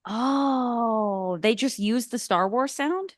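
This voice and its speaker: A woman's voice: fairly high pitch, slow, no room sound, studio quality. A woman co-hosting a casual movie podcast, chatty and rambling, teasing her co-host.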